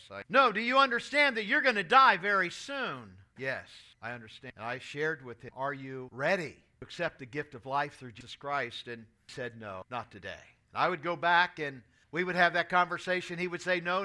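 A man's voice: sits high, bright, forceful tone. A man in his sixties preaching a sermon, telling stories and reading scripture aloud in an earnest way. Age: 60s. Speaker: pastor.

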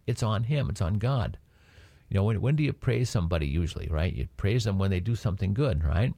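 A man's voice: fairly low pitch, lively intonation, fairly quick, vocal fry, mellow, breathy edge, no room sound. A man giving a conversational Bible lesson, often checking in with his listeners by asking "right?". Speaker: Bible teacher.

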